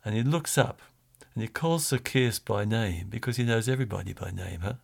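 Male priest, gravelly voice, sermon; storytelling delivery, restarts and fillers. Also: fairly low pitch, brisk.

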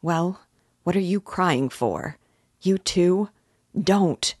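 A woman reading the lines of a restless young male student, delivered with incoherent, self-mocking agitation in a low, unhurried voice. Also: animated, a little mellow, no room sound, studio quality, full character voice. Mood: agitated.

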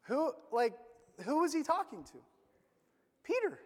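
A high-pitched preacher gives a sermon in a loose, conversational manner, tossing questions to the crowd and slipping into slang. The delivery swings from loud emphasis down to near-murmured lines. The voice rings with the long echo of a large hall. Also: sing-song, measured pace. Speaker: pastor.

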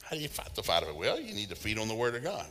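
Man, preacher, folksy humorous sermon, bright tone, long reverb in a large hall. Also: fairly low pitch, huge pitch swings, very fast. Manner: folksy, humorous storytelling with laughs.

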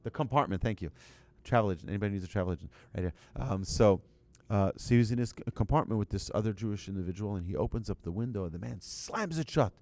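A religious teacher tells a story to an audience in a lowish, animated, darkish voice recorded without echo. His delivery is conversational and halting, with restarts and light asides to listeners.

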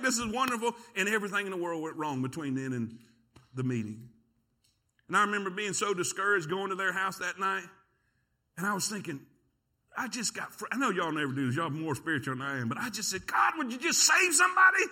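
A pastor preaching a sermon, telling a story with lively energy and quick repeated words. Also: male voice, sits high. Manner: storytelling, animated, repeats words when excited.

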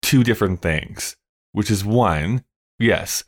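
Man from canada, lowish voice, joking podcast co-host. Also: slow pace. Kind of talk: casual chat.

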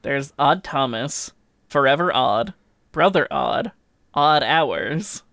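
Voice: medium pitch, lively intonation, takes it slowly, fairly bright tone, no echo, studio quality. A podcast host in casual chat, playful with wry asides to listeners. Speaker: podcast host who edits the show.

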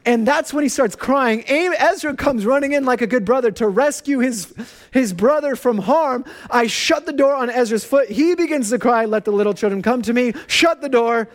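High-voiced man preaching a casual sermon. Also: normal speed. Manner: animated personal storytelling. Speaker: pastor. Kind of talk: conversational sermon.

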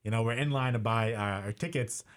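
Lively young man recapping sports. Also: mid-range voice, fast talker. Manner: lively storyteller with frequent fillers. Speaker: podcast co-host. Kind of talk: casual sports chat.

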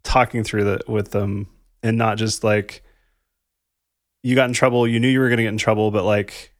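A man's voice: on the low side, level tone, normal speed, no echo, clean studio sound. A man in his thirties, a podcast co-host, reflecting casually on parenting, thoughtful, saying "like" a lot and laughing lightly. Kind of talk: casual conversation about parenting.

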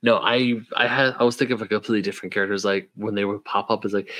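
A man co-hosting a casual TV review podcast, often acting out characters' lines in animated voices. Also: lowish voice, rapid-fire, no room sound. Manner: acts out quotes in animated voices. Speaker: podcast co-host.

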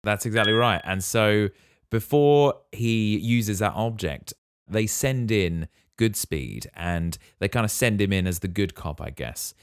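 A man hosting a podcast, retelling a movie plot in a relaxed way and quizzing his co-host. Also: on the low side, measured pace, clear, resonant tone, no room sound, clean studio sound. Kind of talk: casual movie recap.

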